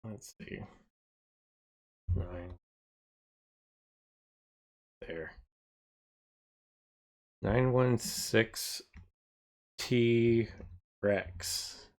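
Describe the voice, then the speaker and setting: Male streamer, unhurried, lowish voice, rambling and thinking out loud to chat. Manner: rambling, thinks aloud, often trails off quieter. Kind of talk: casual live-stream chat.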